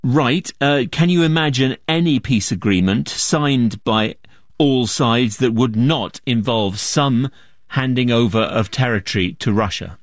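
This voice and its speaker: A man's voice: mid-range voice, a little slow, no room sound, clean studio sound. A man interviewing a politician for the news, pressing with probing questions.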